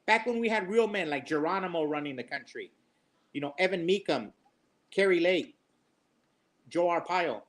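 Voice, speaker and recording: A man co-hosting a casual chat podcast, telling long jokes loudly and slipping into put-on accents. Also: high voice, lively intonation, moderate pace, long pauses. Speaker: podcast co-host.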